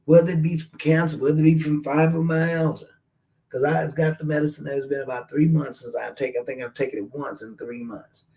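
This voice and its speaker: A man's voice: fairly high pitch, fairly even intonation, brisk, dark tone, rough recording. A man hosting a radio talk show, speaking casually and earnestly as he encourages listeners to share their stories.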